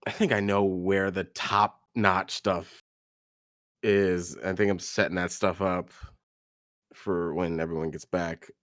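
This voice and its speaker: A man describes what his character is doing in a tabletop game, rambling and packing his talk with fillers. His voice is low, and the sound is dry and close. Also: flat delivery, takes it slowly, a bit bright, no echo. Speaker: player.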